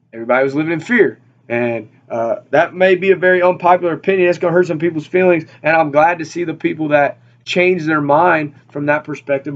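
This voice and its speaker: A man's voice: a little high, highs cut off. A man giving a casual, rambling Bible study talk, full of fillers and repeated words. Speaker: Bible teacher.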